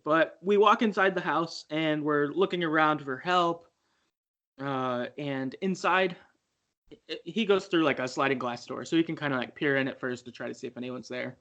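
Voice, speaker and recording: A man retelling a story game to his co-host in a loose, chatty way. His voice sits slightly above the usual male pitch, and his sentences keep restarting and trailing off. He laughs easily as he talks. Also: fairly bright tone. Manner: rambling, many fillers and restarts, laughs easily. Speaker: podcast co-host. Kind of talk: casual game recap chat.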